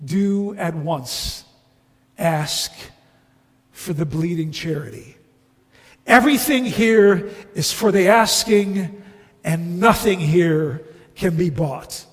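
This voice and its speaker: A man voicing a gentle, patient male heavenly spirit who speaks softly and coaxingly. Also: high-pitched, animated, slow, pauses often, big-room sound.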